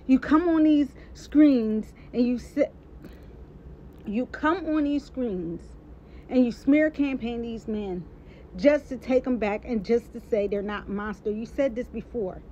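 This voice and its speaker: A woman speaks in a high voice, heated and emphatic, hammering her points home through repetition. The sound is dull and lo-fi, with faint noise behind her. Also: unhurried, warm tone. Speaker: social media personality. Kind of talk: impassioned live-stream rant.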